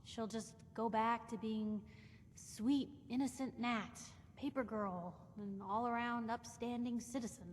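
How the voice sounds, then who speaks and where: A woman voicing a chatty, nosy young reporter who talks quickly and frankly. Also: fairly high pitch, fairly even intonation, close to an everyday voice. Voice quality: chatty, quick, self-conscious. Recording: game audio with reverb and faint hiss.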